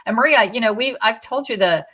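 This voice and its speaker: A middle-aged woman, a guest and podcast co-host, telling stories in a lively, emphatic way during a casual conversation. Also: a little high, a little fast.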